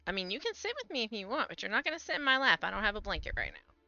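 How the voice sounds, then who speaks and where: A woman's voice: mid-range voice, sing-song, very fast, creaky, pushed and bright, no echo. A woman streamer giving casual commentary on her gameplay, chatting to her cats and reading the game's text aloud. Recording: slightly dull home stream mic with faint game music.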